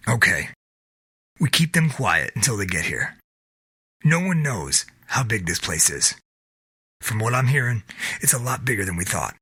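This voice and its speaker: A firm squad commander gives orders in a calm, steady voice, read by a man. The tone is bright with a husky edge. It is recorded dry and close. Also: fairly low pitch, moderate pace, pauses often, dry recording, full character voice.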